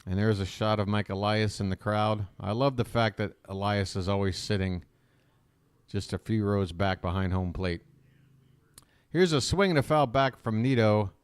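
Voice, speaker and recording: A man calls live baseball play-by-play with a smooth, resonant, somewhat low voice. He talks in a chatty way and works in opinionated asides between pitches. The sound is dry and close, with no room echo. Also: normal speed. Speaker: fan play-by-play commentator.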